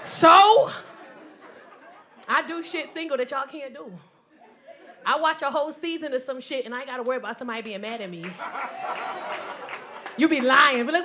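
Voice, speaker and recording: A woman in her forties works a club crowd with brash, profane stories, loud and playful. Her voice sits high. A faint audience murmurs behind her on the live recording. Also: expressive, moderate pace, long pauses, slight background noise. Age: 40s. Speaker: stand-up comedian. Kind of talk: stand-up comedy set. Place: comedy club stage. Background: audience laughter.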